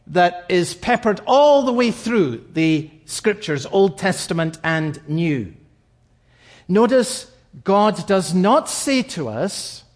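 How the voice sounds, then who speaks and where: A man preaching a sermon in an earnest, emphatic way, slowing down to stress key phrases. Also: high voice. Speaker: pastor. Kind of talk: recorded sermon.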